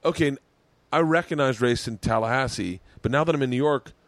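A man's voice: mid-range voice, fairly quick, dry recording. A man hosting a podcast, telling stories in casual chat and acting out other people's lines as he goes. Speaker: podcast host.

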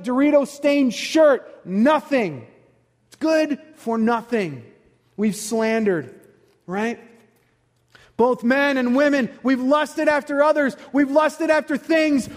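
A male pastor preaching a sermon with passion, repeating phrases and rising to shouts. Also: extremely high pitch. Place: church sanctuary. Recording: long reverb of a large hall.

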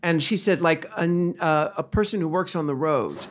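A man's voice: on the high side, normal speed. Playful man hosting a chat. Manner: playful, teasing questions. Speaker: podcast host. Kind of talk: casual interview chat.

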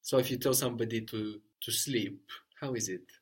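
Man, language teacher, patient, prompting, husky, breathy edge. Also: medium pitch, moderate pace. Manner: patient, prompts and corrects, often ends with "no?". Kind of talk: guided spoken language lesson.

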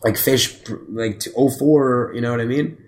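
A man's voice: mid-range voice, moderate pace, heavy background noise. A young man in casual chat, telling loose, profane stories and acting out quoted lines.

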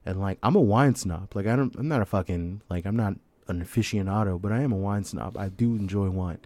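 A man's voice: on the low side, a little fast, dark tone. A young man chatting casually on a podcast, telling rambling, profane stories and laughing often. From Mexican heritage. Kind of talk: casual chat.

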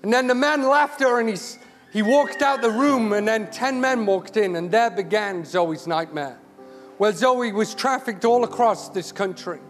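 A man's voice: high voice, normal speed. A man preaching an impassioned sermon, repeating words as he builds. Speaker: charity CEO, guest preacher. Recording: hall reverb with music.

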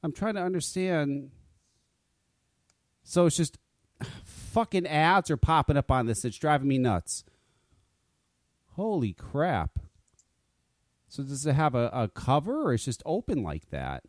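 A man's voice: a little high, sing-song, measured pace, pauses often, no room sound, clean studio sound. A man hosting a casual talk radio show, joking and swearing, often stammering and repeating words. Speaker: podcast host.

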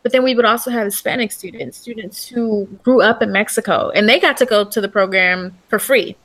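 A woman's voice: medium pitch, a little fast, fairly bright tone. A young adult woman from the United States, chatting expressively as the interviewee in a casual interview.

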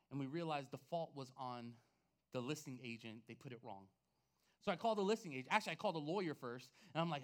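A male pastor preaching to his congregation with a high voice. He tells stories with lots of energy, dropping low and quiet and then rising loud. His pitch leaps around constantly. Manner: animated storytelling, swinging between hushed and loud. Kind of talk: sermon testimony.

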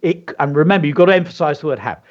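A man's voice: a little high, rapid-fire. A man co-hosting a children's show, speaking in an enthusiastic, teacherly way and stressing words carefully. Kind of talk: educational chat for children. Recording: dull lo-fi sound.

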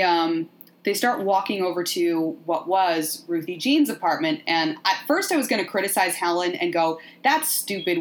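Lively lower-voiced woman podcast host. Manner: animated retelling with playful acted-out quotes. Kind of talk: casual podcast chat recapping a film.

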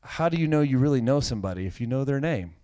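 Smooth-voiced man preaching a sermon. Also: medium pitch, quick pace, no echo. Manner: conversational, animated storytelling with a dry joke. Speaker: pastor.

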